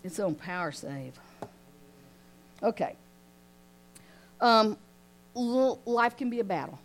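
A woman teaching an informal Bible study in a lively way, often laughing and asking her listeners questions. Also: mid-range voice, slow, a little hiss or hum. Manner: animated, asks the group questions, laughs often.

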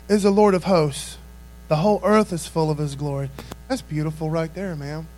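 High-voiced guy preaching, real folksy and laid back, keeps saying man. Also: steady tone, moderate pace, a little mellow, faint music behind. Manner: folksy, laughs often, says "man" a lot. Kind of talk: casual sermon.

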